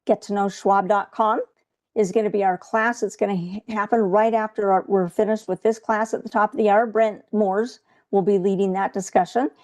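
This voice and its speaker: Woman trading coach on a webcast, warm low-key tone, chatty, keeps asking okay?. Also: fairly even intonation, moderate pace. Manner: chatty, adds "okay?" to check in with viewers. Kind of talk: live webcast lesson.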